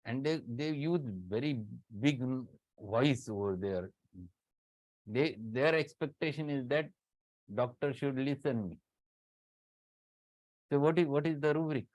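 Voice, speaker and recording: A man's voice: mid-range voice, unhurried, pauses often, darkish tone, dry recording. A man with an Indian English accent giving an online lecture as a professor, emphatic and repeating words for stress. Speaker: homoeopathy professor. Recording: dull lo-fi dry sound.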